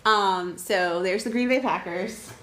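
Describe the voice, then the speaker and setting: A woman librarian chatting casually as she unboxes packages on a live stream, reading notes aloud with excited bursts. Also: mid-range voice, a little slow, slight background noise. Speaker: school librarian.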